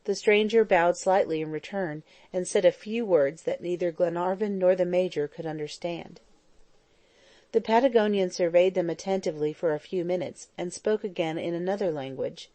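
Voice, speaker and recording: A woman reads a classic adventure novel aloud in a steady, measured way. Her voice sits a little low and sounds mellow and warm. The recording is close and completely dry. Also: no echo. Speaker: audiobook narrator. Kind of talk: scripted narration.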